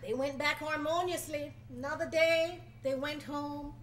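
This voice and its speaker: A woman's voice: high-pitched, steady tone, a little slow, a little hiss or hum. A woman telling a folk tale aloud to a live audience, dramatic and playful, speaking straight to her listeners. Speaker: storyteller. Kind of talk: live folk storytelling performance. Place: college event before a live audience.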